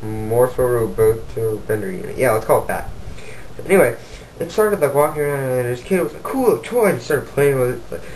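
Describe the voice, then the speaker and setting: A man's voice: on the high side, sing-song, brisk, a little mellow, slight background noise, low-quality recording. A man telling an improvised comic story in a rambling, goofy, off-the-cuff way.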